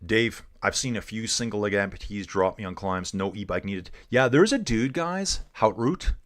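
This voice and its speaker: Man, middle-aged, from Canada, low voice, laid-back live commentary, chatty with viewers. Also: expressive, normal speed, fairly bright tone. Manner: laid-back, calls viewers dude and guys. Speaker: streamer and cycling commentator. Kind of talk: casual live race commentary while reading chat.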